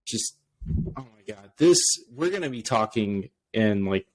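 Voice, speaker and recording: Excitable man rambling about football. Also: on the low side, a little slow. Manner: excitable, rambling, frequent restarts. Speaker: podcast co-host. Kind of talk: casual sports chat.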